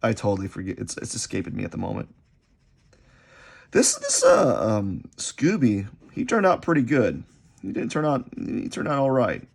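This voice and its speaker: Male artist vlogger, gravelly, lively pitch, rambling unscripted chat while sketching. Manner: rambling, halting, repeats himself.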